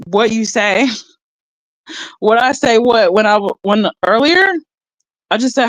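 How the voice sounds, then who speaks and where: A woman's voice: on the high side, measured pace, long pauses, no room sound, low-quality recording. A woman chatting casually on a livestream, rambling and laughing as she reads her viewers' chat aloud.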